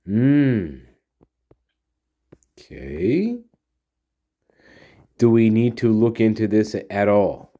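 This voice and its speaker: A man's voice: fairly low pitch, expressive, very slow, long pauses, warm tone. A man hosting a solo commentary show, rambling in a profane, sarcastic rant. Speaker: podcast host.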